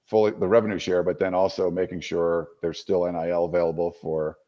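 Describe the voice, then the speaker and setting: A man's voice: deep voice, level tone, fairly quick, highs cut off. A male podcast co-host in casual sports chat, talking loosely and rambling.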